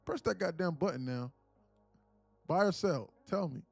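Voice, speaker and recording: A man doing an irate, broke young guy who rants loudly and in exasperation at a streamer. The voice rides higher than normal and swings widely in pitch. Faint music plays underneath. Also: expressive, moderate pace, vocal fry, no echo. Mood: exasperated. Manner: loud, exasperated ranting. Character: irate broke young male viewer demanding trades.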